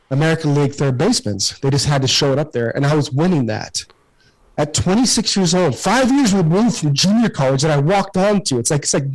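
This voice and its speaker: A man's voice: fairly high pitch, darkish tone, rough recording. A man in his forties, a former baseball player, telling locker-room stories casually with lots of fillers and swearing. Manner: rambling, filler-heavy, swears freely. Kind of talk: casual storytelling.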